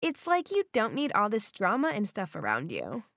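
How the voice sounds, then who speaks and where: A woman voicing a sarcastic teenage bully girl in an animated story, with a mocking manner. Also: mid-range voice, normal speed, dry recording, clean studio sound.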